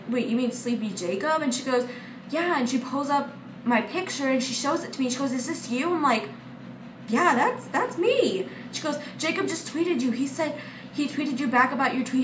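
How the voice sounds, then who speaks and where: Teen girl vlogger, rambling excited storytelling, faint air conditioner hum behind. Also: fairly high pitch, fairly quick. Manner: rambling, excited, many "like" fillers. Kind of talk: casual storytime vlog. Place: indoor room with air conditioning. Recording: echoey room, far from mic, faint hum.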